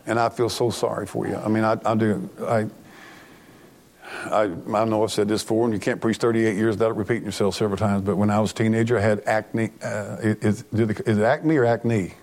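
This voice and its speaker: A man's voice: lowish voice, level tone, brisk, a little mellow. A middle-aged man preaching a sermon as pastor, earnest and plainspoken, often restarting his sentences.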